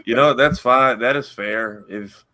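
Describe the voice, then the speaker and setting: A man's voice: mid-range voice, a little slow, bright, forceful tone, a little hiss or hum. A man co-hosting a casual podcast chat, musing hesitantly with many restarts. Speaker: podcast co-host. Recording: dry close recording.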